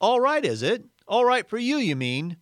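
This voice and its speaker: A man's voice: sits high, very animated, moderate pace, dry recording, voice pushed up. A blustering ghost of a middle-aged man rants in a raised, strained voice, sure he has been wronged, as a man reads him aloud. It is a storybook reading with a dry, close sound. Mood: indignant. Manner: aggrieved, self-righteous, loud.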